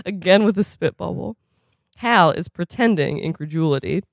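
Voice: mid-range voice, moderate pace, creaky, dry recording, studio quality. A reader giving a casual reading of a novel at home, often chuckling along the way.

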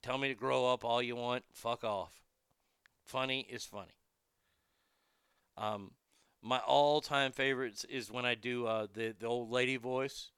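A man in his fifties hosting a show, chatting casually and bluntly, telling animated stories and acting out callers' voices. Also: medium pitch, unhurried, clean tone, no room sound, studio quality. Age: 50s. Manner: blunt and profane. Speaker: show host. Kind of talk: casual chat reading viewer comments.

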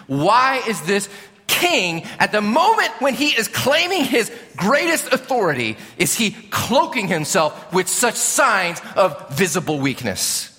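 Male pastor, lively storytelling sermon, bright voice, big church reverb. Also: high voice, breathy edge. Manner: animated storytelling, rising and falling. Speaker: preacher. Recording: long reverb of a large hall.

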